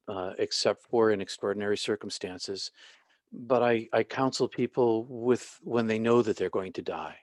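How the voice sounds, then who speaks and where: A middle-aged man with a lowish voice recounts his pastoral stories as a podcast guest. He stumbles and restarts often and at times drops almost to a whisper. The room is dry and close. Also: no room sound. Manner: halting with many restarts, drops to a soft whisper when quoting. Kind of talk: storytelling interview.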